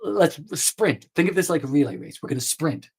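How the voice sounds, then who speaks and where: Man, baking live-stream host, husky voice, chatty and playful, loose rambling delivery. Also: fairly high pitch, animated, normal speed, a little mellow, low-quality recording. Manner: chatty and playful, trailing off and restarting mid-sentence. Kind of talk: live-stream baking chat, reading viewer comments.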